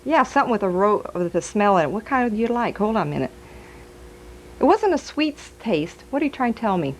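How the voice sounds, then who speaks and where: A woman's voice: mid-range voice, a little hiss or hum, low-quality recording. A woman giving a live stage reading as a psychic medium, chatty and giggly, passing on messages aloud.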